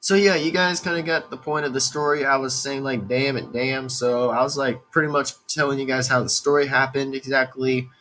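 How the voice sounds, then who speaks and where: A man's voice: medium pitch, steady tone, brisk, few pauses, sharp tone, faint music behind. A young man vlogging in a rambling, repetitive way, swearing casually as he tells a story.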